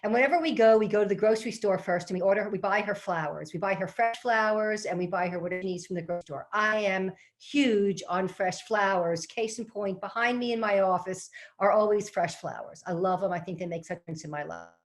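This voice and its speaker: A middle-aged woman talks from her home office on a webinar. Her pitch sits in a middle range, and she speaks like a professional speaker, chatty and lively. She addresses her audience directly as she tells a story. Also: a little fast, hardly any pauses. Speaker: professional speaker and organizing expert. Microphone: computer mic on a live webinar.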